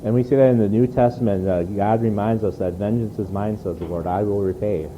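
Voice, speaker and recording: A man's voice: on the low side, fairly even intonation, brisk, muffled recording, a little hiss or hum. A man preaching a sermon in an earnest, conversational way, often repeating words as he restarts. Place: church.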